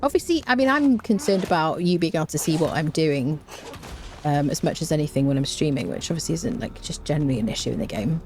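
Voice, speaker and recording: A woman's voice: low voice, animated, fast, darkish tone. A woman giving rambling, casual commentary while streaming a game, full of fillers and restarts.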